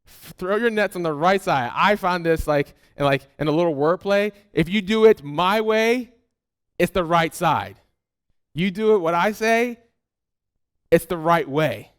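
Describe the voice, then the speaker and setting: A pastor delivers a sermon, speaking straight to his congregation in a lively, conversational manner and acting out how people respond. His voice is high and clean, and he takes his time.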